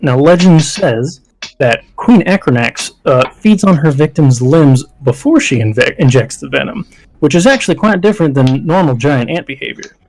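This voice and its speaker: A man's voice: on the high side, lively intonation, moderate pace, a little mellow, low-quality recording. A man voicing a cheerful tour-bus guide with a folksy, upbeat patter. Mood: chirpy.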